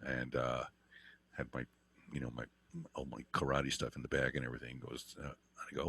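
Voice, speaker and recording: A man's voice: a bass voice, little pitch movement, fairly quick, gravelly, pauses often, sharp tone, breathy edge, no echo. An older man, a guitar teacher, telling rambling anecdotes with lots of fillers and the odd swear word. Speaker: interview guest, guitar teacher. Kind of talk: casual storytelling.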